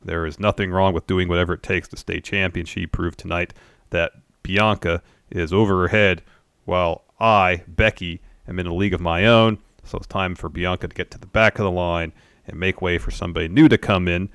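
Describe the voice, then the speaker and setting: Co-hosting a podcast, a man with a low, clean voice gives a brisk play-by-play recap of a wrestling show. He walks through the events step by step in a steady, methodical way, using fillers as he goes. The audio is dry and studio quality, with no room sound.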